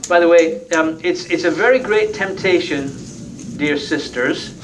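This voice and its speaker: A man's voice: a little high, measured pace, a little hiss or hum. Folksy preacher man, slightly distant mic. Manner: conversational, folksy, with frequent rhetorical tag questions. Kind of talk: sermon.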